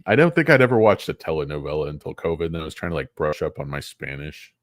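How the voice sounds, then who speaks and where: A man's voice: rumbling low, lively intonation, fast talker, no room sound, studio quality. A man hosting a casual livestream show about stocks, rambling, joking and poking fun at himself. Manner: joking, rambling, self-mocking.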